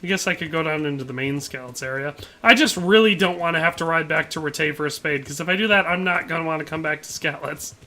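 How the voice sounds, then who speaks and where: A man's voice: on the high side, fast, few pauses, sharp tone. A man streaming a game, talking casually and ranting in exasperation while reading chat aloud. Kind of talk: casual gameplay commentary.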